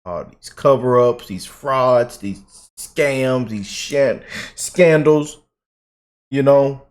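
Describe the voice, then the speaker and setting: A man's voice: medium pitch, extremely slow. A man hosting a casual online commentary video, hyped up and repeating himself. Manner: hyped, repeats himself, quotes imagined critics. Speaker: commentary channel host.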